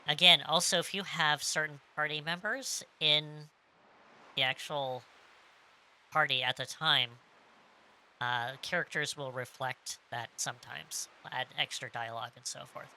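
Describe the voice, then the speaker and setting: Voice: medium pitch, measured pace, sharp tone. A streamer in casual game commentary, chatting and explaining the game as they play.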